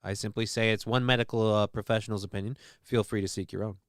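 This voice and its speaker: A man's voice: lowish voice, steady tone, quick pace, a little hiss or hum. A man hosting a casual news show, reading stories aloud and riffing on them with irreverent, profane asides. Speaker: show host.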